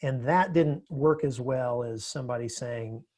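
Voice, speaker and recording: A man with a voice of ordinary middle pitch, talking as a guest in a podcast interview. He speaks in a reflective, measured way and often restarts his sentences as he thinks aloud. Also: warm tone. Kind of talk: casual interview conversation.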